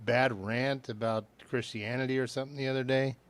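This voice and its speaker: A man joining a casual panel chat, speaking in a hesitant, halting way. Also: mid-range voice, fairly even intonation, no room sound, clean studio sound. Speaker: panel guest.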